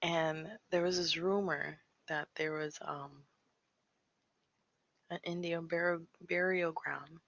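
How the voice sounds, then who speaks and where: A young woman with a gravelly, bright voice tells a spooky story in a nervous, casual way. She laughs easily and drops into whispers. The sound is slightly dull and lo-fi. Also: low-pitched, fairly even intonation, slow. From Pennsylvania. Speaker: paranormal vlogger. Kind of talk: casual storytelling and ghost-hunting session.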